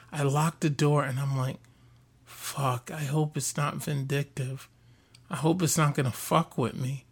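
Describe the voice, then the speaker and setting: A man hosting a podcast, ranting casually in an animated, profane, self-deprecating way. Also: on the high side. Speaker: podcast host. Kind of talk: casual solo rant.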